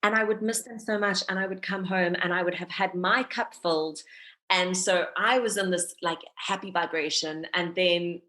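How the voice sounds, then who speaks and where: Guest: South African woman, thirties, low-set voice, candid and laughing. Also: normal speed. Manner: candid and expressive, laughs often. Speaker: podcast guest, radio presenter and voiceover artist. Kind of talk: casual interview chat.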